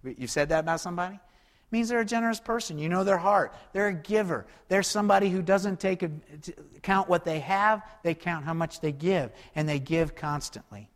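A man preaching a sermon as pastor, conversational and lively, with quick asides and call-and-response to the congregation. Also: sits high, big-room sound.

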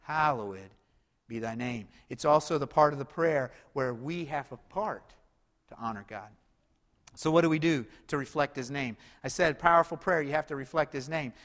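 A man's voice: fairly high pitch, normal speed, a bit bright. A man preaching a sermon, building emphasis and asking the listeners rhetorical questions. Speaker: pastor. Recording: long hall reverb.

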